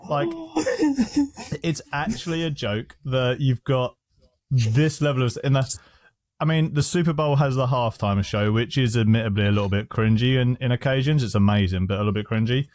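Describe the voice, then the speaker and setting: A man co-hosting a podcast, telling stories in animated casual chat and laughing often. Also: medium pitch, moderate pace, no echo. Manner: animated storytelling, laughs a lot, swears. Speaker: podcast co-host.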